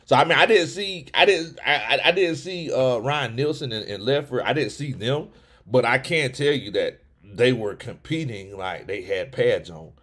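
A man hosting a lively sports livestream, reading chat comments, laughing often and stumbling over his words as he talks. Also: mid-range voice, normal speed. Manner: animated, laughs often, frequent restarts and stammers. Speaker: sports vlog host reading live chat. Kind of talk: excited casual livestream chat.

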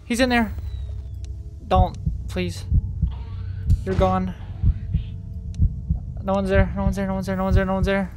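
A man's voice: sits high, little pitch movement, a little slow, pauses often, noisy background. Young man muttering through a horror game. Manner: nervous muttering, repeats phrases over and over, swears a lot. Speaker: gaming channel host. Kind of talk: horror game let's play commentary.

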